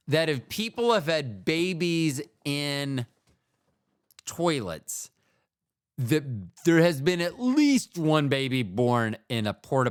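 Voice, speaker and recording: Male solo podcast host, rambling and profane, smooth voice, dry booth sound. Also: on the high side, no room sound. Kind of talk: casual solo monologue.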